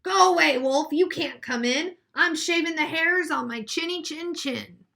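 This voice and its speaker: A woman's voice: high-pitched, unhurried, gravelly, bright, forceful tone, voice pushed up, heavily acted. A woman reading aloud the lines of a stubborn male pig refusing to open his door in a storybook tale. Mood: defiant.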